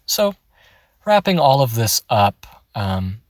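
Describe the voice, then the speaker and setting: A man giving a relaxed, chatty voice-acting tutorial, laughing often. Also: mid-range voice, takes it slowly, no room sound. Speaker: voice acting teacher. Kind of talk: casual tutorial. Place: in his car.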